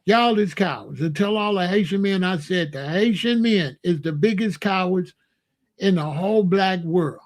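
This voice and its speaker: A man's voice: high-pitched, normal speed. A man delivering an emphatic, repetitive rant as a monologue, drawing out words for emphasis. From Chicago. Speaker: commentator. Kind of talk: ranting monologue to camera.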